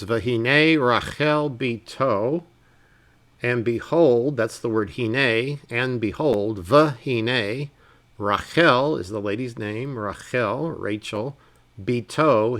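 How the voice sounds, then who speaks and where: A man with a mid-range voice works through a casual Bible Hebrew lesson. Verses come first, read slowly, and relaxed explanatory asides come after.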